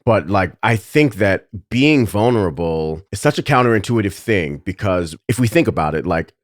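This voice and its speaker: A man's voice: lowish voice, very animated, moderate pace, dry recording, studio quality. A man co-hosting a podcast as a meditation coach, speaking thoughtfully and hunting for words in casual conversation.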